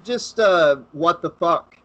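A man's voice: on the high side, takes it slowly, sharp tone, muffled recording. Joking man hosting a casual podcast. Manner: profane, joking, laid-back. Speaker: podcast host. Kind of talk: casual chat.

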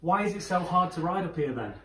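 A man trades deadpan remarks with a friend about the climb ahead. His voice sits a little high and carries a roomy, reverberant sound. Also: quick pace. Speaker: cycling companion. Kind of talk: casual banter.

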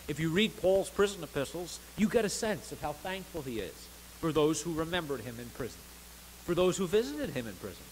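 A man preaching a sermon as pastor of a church, earnest, rising to stressed words and dropping softly between them. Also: fairly high pitch, sing-song, a little fast, a little hiss or hum, rough recording. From United States. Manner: earnest preaching with swells of emphasis and soft drops. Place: church sanctuary.

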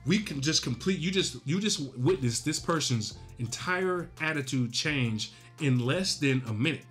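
A man's voice: a little high, expressive, measured pace, a bit bright, soft background music. A man hosting a real estate coaching video, talking straight to the point and punctuating his points with tag questions. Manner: direct, emphatic, frequent "right?" tag questions. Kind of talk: casual instructional talk.

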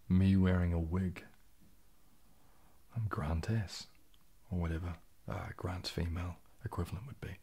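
A man hosting a relaxed, jokey live stream, reading out and answering viewer comments, a little tipsy from champagne and sometimes dropping into a whisper. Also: deep voice, unhurried, pauses often, husky. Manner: laid-back and jokey, drifting into soft whispers. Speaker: ASMR channel host.

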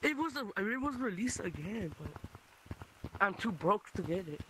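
An excitable young man with a notably high voice, chatting and rambling through a game session with friends. He laughs easily and jumps from story to story. Game noise runs loudly behind him. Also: moderate pace. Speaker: gamer streaming with friends. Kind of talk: casual gaming chat. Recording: noisy game stream audio.

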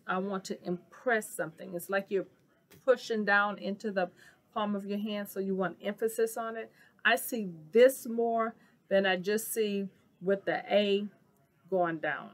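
Woman, casual sign-language tutor, filler-heavy, repeats words slowly. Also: mid-range voice. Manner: chatty, many fillers, repeats each sign word slowly. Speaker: sign language vocabulary teacher. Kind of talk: casual instructional video.

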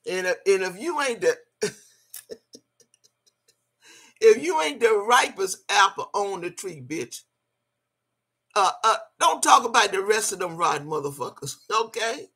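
A woman's voice: mid-range voice, very animated, moderate pace, a bit bright, husky. A woman hosting a live stream, answering her chat and scolding a critic in a profane, mocking rant. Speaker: livestream host.

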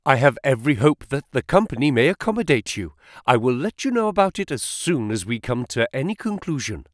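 Male reader doing a frightened manager, quick and nervously polite, dry sound. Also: medium pitch, sing-song, no room sound, close to an everyday voice. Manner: hurried, nervous, strained politeness. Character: terrified, sweating male office manager, falsely courteous.

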